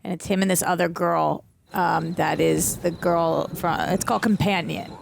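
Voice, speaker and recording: A woman's voice: on the low side, fairly even intonation, normal speed, creaky, a little hiss or hum. A woman chatting casually while reacting to a movie, dropping asides and trivia.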